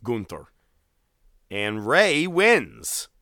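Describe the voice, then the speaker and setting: Bright-voiced man recapping wrestling. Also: medium pitch, extremely slow, dry recording, studio quality. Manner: animated storytelling, swears freely, acts out quotes. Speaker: podcast co-host. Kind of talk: casual wrestling recap chat.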